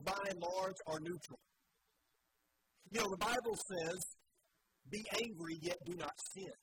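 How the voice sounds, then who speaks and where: A middle-aged pastor with a high voice delivers his sermon in an earnest, conversational way, often turning to the congregation with questions. There is clear noise behind him in the recording.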